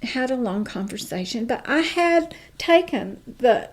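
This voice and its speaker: A middle-aged woman guest telling a personal story in an interview, emphatic and animated, acting out the dialogue. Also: on the high side, unhurried.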